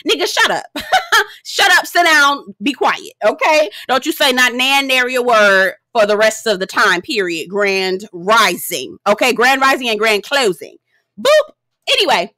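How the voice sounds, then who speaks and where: Sassy, bright-voiced woman recapping reality TV. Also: on the high side, very animated, moderate pace, no echo. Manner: sassy, blunt and profane, laughs often; chatty, speaks straight to viewers. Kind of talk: casual commentary recap.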